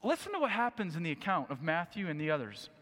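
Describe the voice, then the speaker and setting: A man preaching a sermon, animated and acting out the scripture stories as he goes. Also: on the high side, quick pace. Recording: echoey hall with long reverb.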